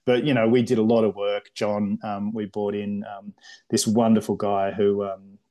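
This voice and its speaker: A man with an Australian accent, a film director telling lively stories in a casual interview and acting out other people's voices. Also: lowish voice, normal speed. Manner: animated storyteller, acts out voices, many fillers.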